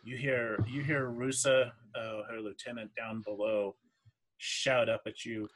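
Husky man running a tabletop game. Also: medium pitch, little pitch movement, fairly bright tone. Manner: halting, many fillers and restarts. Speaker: game master.

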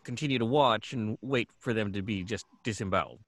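A man's voice: lowish voice, brisk, fairly bright tone, dry recording. A man playing a tabletop role-playing game, describing his character's actions in a wry, casual way. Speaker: player.

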